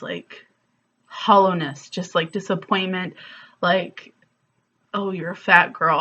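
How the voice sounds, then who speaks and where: A woman's voice: lowish voice, fairly bright tone. Candid woman vlogger, lo-fi sound. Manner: candid, emotional, many fillers like "like" and "um". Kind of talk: confessional storytelling vlog.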